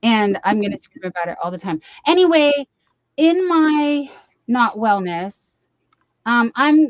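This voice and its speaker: A woman's voice: a little high, animated, measured pace, no room sound, dull audio. Chatty woman hosting a crochet livestream. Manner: chatty, rambling, reads chat comments aloud. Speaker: live stream host. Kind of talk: casual chat.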